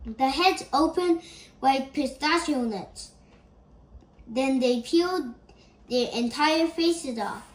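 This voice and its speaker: A woman reading a children's chapter book aloud in an expressive, gentle storytelling manner. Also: high-pitched, slow, long pauses. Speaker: storybook reader. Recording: echoey room.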